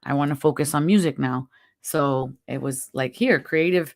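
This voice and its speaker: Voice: mid-range voice, expressive, moderate pace, creaky, no echo, studio quality. A tarot reader hosting a live stream, giving chatty, encouraging spiritual advice with a strained, worn-out throat. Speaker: tarot reader and show host.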